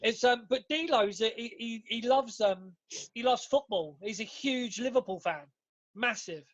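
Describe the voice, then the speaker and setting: A man's voice: very high-pitched, lively intonation, a little slow, fairly bright tone. A man co-hosting a podcast, chatting casually, swearing a lot and restarting his sentences. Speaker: podcast co-host. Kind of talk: casual chat. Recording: dull lo-fi podcast audio.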